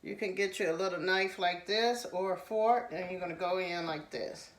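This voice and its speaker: A woman's voice: lowish voice, moderate pace, reverberant, recorded from a distance. A woman hosting a cooking channel, giving a casual, homey cooking demonstration in her kitchen and often calling the viewers "guys". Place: home kitchen.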